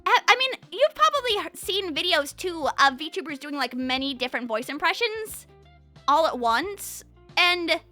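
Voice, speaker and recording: High, animated young woman streamer. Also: moderate pace, soft background music. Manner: animated, swings between high excited and low quiet tones. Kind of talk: casual chat with live chat. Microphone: condenser mic.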